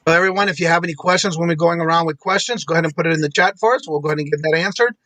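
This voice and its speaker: A man's voice: on the high side, racing, bright, forceful tone, dry recording. A man hosting a casual live show, greeting viewers one by one and laughing often. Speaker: host.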